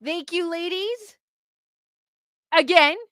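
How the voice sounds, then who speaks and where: A woman's voice: very high-pitched, slow, a bit bright, no room sound, clean studio sound. A young woman hosting a casual livestream, chatting and giggling as she reads out viewers' comments. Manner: chatty, giggly, quotes chat names aloud. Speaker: livestream host.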